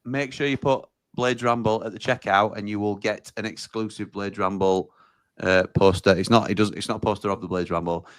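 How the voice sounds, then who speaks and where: A man's voice: lowish voice, steady tone, fairly quick, clean tone, no room sound. A man hosting a casual live football watchalong and reading out viewer comments in a chatty, easygoing way. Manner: chatty, laughs easily, reads out viewer comments. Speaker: host of a football watchalong stream.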